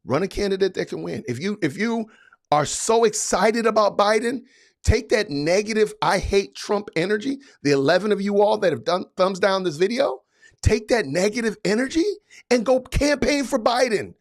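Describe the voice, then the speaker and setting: A man's voice: high voice, lively intonation, normal speed. A man hosting a podcast, giving sarcastic political commentary in a mocking, hyped-up, repetitive way. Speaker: podcast host.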